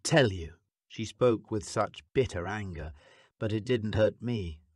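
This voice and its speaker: Slow, dry-voiced male audiobook narrator. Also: fairly low pitch, darkish tone, dry recording. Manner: measured, clearly paced reading.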